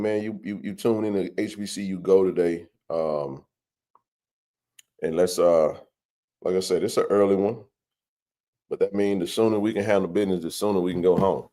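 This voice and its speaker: A man's voice: on the low side, mellow. A man hosting a live sports chat stream, joking loosely and greeting viewers by name.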